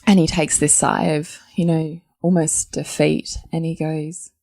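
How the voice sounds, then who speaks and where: Australian woman, low and dry. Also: measured pace, no echo. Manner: frank, animated, swears freely. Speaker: host. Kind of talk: candid personal storytelling.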